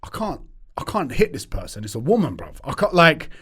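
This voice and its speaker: Young man, casual chat, laughing, animated, fairly high pitch. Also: a little fast, husky. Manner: laughing storyteller, slangy and animated. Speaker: podcast guest.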